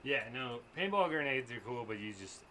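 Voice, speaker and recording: A man's voice: medium pitch, lively intonation, normal speed, bright, forceful tone, slight background noise. A man chatting on an outdoor patio, eagerly explaining his gear to friends. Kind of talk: casual chat.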